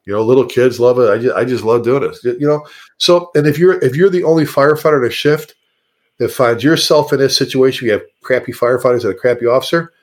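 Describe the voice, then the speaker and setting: A fire chief in his element, talking straight to the listener in an animated, repetitive way. This man's voice sits at an ordinary middle pitch. He gives frank advice in a plain, conversational interview manner. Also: quick pace. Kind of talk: podcast interview talk.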